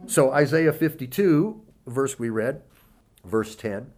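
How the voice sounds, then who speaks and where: Man preaching with slow emphatic scripture reading. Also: mid-range voice, lively intonation, a little mellow. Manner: emphatic scripture reading, slowing for key words. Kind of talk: sermon.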